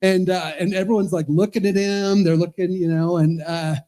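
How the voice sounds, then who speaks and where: High-voiced chuckling priest in his fifties. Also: steady tone, moderate pace, dark tone. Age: 50s. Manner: rambling, chuckling storyteller. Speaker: Episcopal priest. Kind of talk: roast speech at a charity event.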